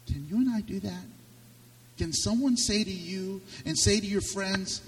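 Male pastor, sermon, rises and drops in volume, higher voice, heard from afar in a reverberant hall. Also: sing-song, moderate pace, gravelly. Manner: impassioned, swings from loud to hushed. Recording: reverberant hall, distant mic.

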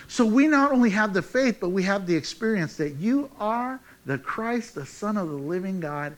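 A male pastor preaching a sermon, swinging between loud exhortation and hushed, tender passages. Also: sits high, expressive, normal speed, hardly any pauses.

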